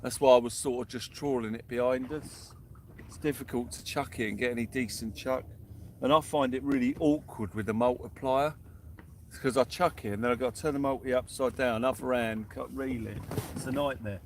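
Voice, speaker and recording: A man's voice: mid-range voice, steady tone, brisk, slight background noise. Chatty man commentating from a boat. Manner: chatty, cheery running commentary. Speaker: fishing vlogger. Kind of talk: live-stream commentary. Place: outdoors on a small boat at sea.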